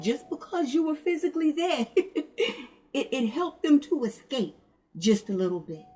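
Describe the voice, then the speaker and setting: A woman's voice: medium pitch, warm tone, low-quality recording. A woman giving a casual tarot reading, blunt and profane, calling her listeners fam and baby. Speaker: tarot reader.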